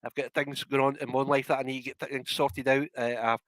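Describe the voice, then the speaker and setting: Bright, chatty Scottish man. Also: medium pitch, flat delivery, quick pace, no room sound, rough recording. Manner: chatty, laughs often, breaks into rants. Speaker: podcast guest. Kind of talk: casual podcast chat.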